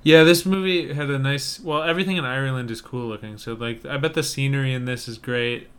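A man's voice: mid-range voice, steady tone, fairly quick, clear, resonant tone. A man co-hosting a casual podcast, chatting about movie trailers with wry, joking banter. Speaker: podcast co-host.

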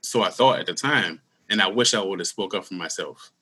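A man in his thirties telling his personal story in an interview, earnest and candid, with halting restarts. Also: low-pitched, pushed and bright, slightly rough. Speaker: guest; school security worker.

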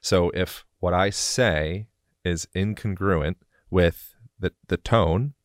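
A man's voice: low-pitched, takes it slowly, no echo, studio quality. A man, a bodywork practitioner, speaking in a casual, rambling podcast interview and swearing now and then.

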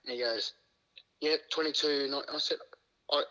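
A middle-aged man with an Australian accent, a guest telling lively anecdotes in a casual chat, laughing often and swearing casually. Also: fairly high pitch, normal speed, muffled recording. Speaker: guest, former rugby league player.

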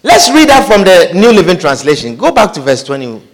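A man's voice: high-pitched, sing-song, brisk, long reverb tail. A male preacher delivering a sermon, emphatic, repeating his lines and asking the congregation whether they follow.

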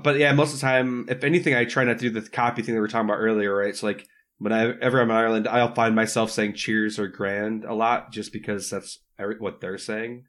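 A man's voice: fairly low pitch, little pitch movement, fast, a bit bright. Chatty man who mimics voices. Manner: chatty, slips into impressions. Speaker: podcast co-host. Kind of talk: casual chat.

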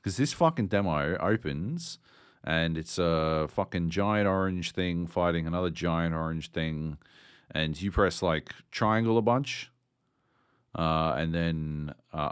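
A man's voice: low voice, clear, resonant tone, no echo, studio quality. A man co-hosting a podcast, ranting sardonically and swearing constantly in casual chat. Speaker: podcast co-host.

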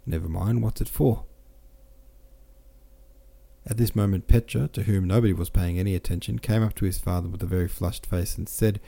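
Male audiobook narrator, deep, steady reading. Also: fast talker, gravelly, hardly any pauses. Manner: steady, with small self-corrections.

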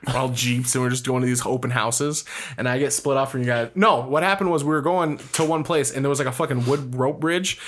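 A man in casual chat, telling animated stories about his dreams and swearing a lot. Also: medium pitch, brisk. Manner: animated storytelling with heavy swearing.

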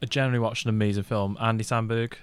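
A man's voice: fairly low pitch, steady tone, rapid-fire, smooth, dry recording. Giggly enthusiastic male co-host. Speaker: podcast co-host, film site runner. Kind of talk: casual chat.

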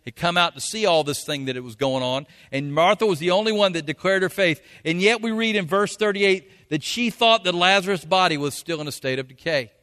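A man delivers a folksy sermon in a high, bright voice. He now and then bursts into loud, acted quotes. His words echo through a large hall with a long reverb. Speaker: pastor.

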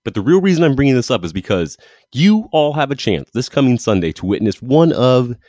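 A man's voice: mid-range voice, big pitch swings, fairly quick, darkish tone, no echo, clean studio sound. A man hosting a football show, talking through results with eager, rambling enthusiasm and frequent restarts. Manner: enthusiastic, rambling, self-correcting. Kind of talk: casual sports commentary monologue.

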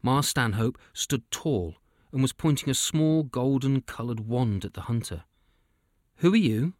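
A man reading a children's fantasy story aloud, his voice sitting at an ordinary middle pitch. The delivery is steady and even, recorded close in a dry room with no echo. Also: unhurried. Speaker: narrator.

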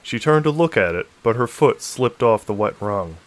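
A male audiobook narrator reads a science-fiction novel aloud in a steady, measured way. His voice sits in the mid range, and the delivery is scripted narration.

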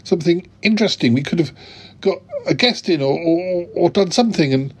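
A man's voice: a little high, lively intonation, brisk, darkish tone, husky. A man hosting a comic podcast sketch, talking in an exasperated, indignant way. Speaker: podcast host.

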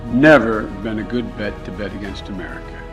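A man giving a formal political address in a measured, halting way, pausing often. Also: on the low side, dull audio, over music. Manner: measured, halting with frequent uh pauses.

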